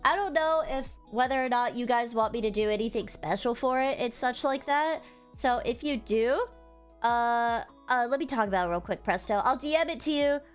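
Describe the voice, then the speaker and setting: A woman's voice: on the high side, normal speed, clean tone. A young woman streamer telling a story in casual, rambling livestream chat, emotional and swearing freely. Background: faint music.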